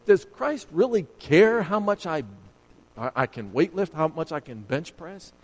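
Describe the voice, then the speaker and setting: A man preaching a sermon, emphatic and building to sharp, rising points as he makes his case. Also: on the high side, very animated, moderate pace, long reverb tail.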